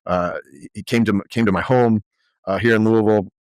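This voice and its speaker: Podcast guest, male, lowish voice, animated storyteller, dry close sound. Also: fairly quick, dry recording. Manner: animated, lively storyteller with frequent fillers. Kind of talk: conversational storytelling.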